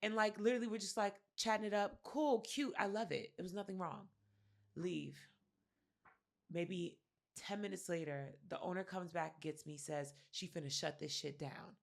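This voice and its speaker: Podcast co-host, woman, lively storyteller who plays every quote out loud. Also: lowish voice, moderate pace, gravelly. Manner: animated storyteller, acts out quotes, swears freely. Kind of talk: casual chat, storytelling.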